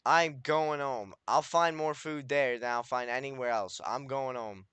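A man's voice: mid-range voice, measured pace, a bit bright, smooth, no echo. Anxious, swearing young gamer man. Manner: anxious, swearing, self-talking, desperate pleading. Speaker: gaming YouTuber. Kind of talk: Minecraft let's play commentary.

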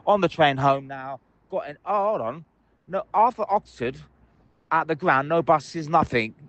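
A man's voice: a little high, animated, a little slow, lo-fi sound, noisy background. A man leaving angry voicemails, ranting and swearing passionately from a busy station. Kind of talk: phoned-in voicemail rant. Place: out in public, at a train station.

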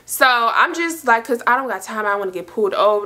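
Bright-voiced fast-chatting young woman. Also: a little high, animated. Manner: chatty, slangy, talks fast and loops back with asides. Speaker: storytime vlogger. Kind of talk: casual storytelling to camera.

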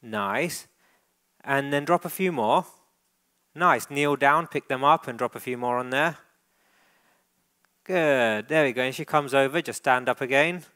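A man's voice: mid-range voice, normal speed, fairly bright tone. A man who works as a dog trainer, leading a live training demonstration and coaching handlers with frequent praise.

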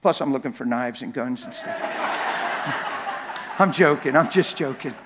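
A man preaching a sermon in a church, telling stories with lots of repetition and sometimes building up to a shout. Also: mid-range voice, slow pace, long reverb tail, very noisy. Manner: animated, repetitive storytelling that swells to shouting. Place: church sanctuary.

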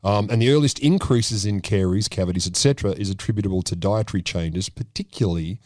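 A man's voice: fairly low pitch, fast talker, darkish tone, dry recording, studio quality. A man co-hosting a comedy podcast, swearing and joking while explaining, with a numb lip from a filling. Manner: crude, jokey, swears often. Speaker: podcast co-host. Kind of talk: casual comedic chat.

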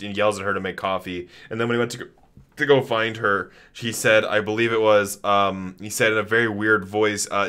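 A man live-streaming a video game, talking to the characters in an animated, profane, joking way. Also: fairly low pitch. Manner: animated, swears a lot, talks to game characters. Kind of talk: live gaming commentary.

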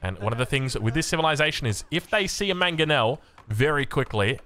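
A man's voice: mid-range voice, lively intonation, fairly quick, sharp tone. A young man with an Australian accent, casting a strategy game with jokey, rambling asides. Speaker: game caster. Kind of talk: game commentary with chatty asides.

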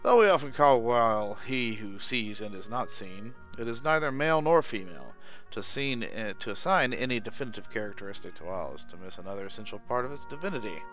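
A man's voice: lowish voice, animated, a little fast, a bit bright, faint music behind. Sly priestess, teasing, cryptic, grim, a man doing her voice.

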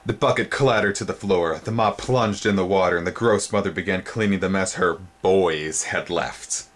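Reading a storybook dramatically, a deep-voiced man makes his voice jump suddenly higher on the exciting words, drawing them out slowly. He breaks off from time to time to show the book's illustrations.

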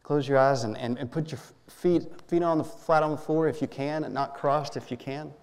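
A man serving as minister, leading a guided prayer meditation in a gentle, halting way, often repeating words and dropping to a soft hush. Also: a little high, fairly even intonation, vocal fry, clear, resonant tone, in a large hall. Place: church sanctuary.

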